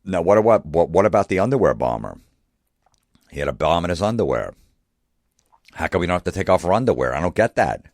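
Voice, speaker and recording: Very deep-voiced man ranting, exasperated. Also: very animated, darkish tone, dry recording, studio quality. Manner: exasperated, rapid rhetorical questions. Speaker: comedian. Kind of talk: profane ranting monologue.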